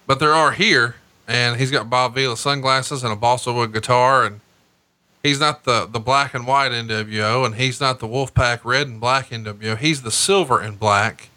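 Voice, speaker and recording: Here a male podcast host talks at normal speed with fairly even intonation and a bright, forceful tone. The banter is casual and crude as he teases his co-host and goes over old matches, his pitch jumping when he jokes.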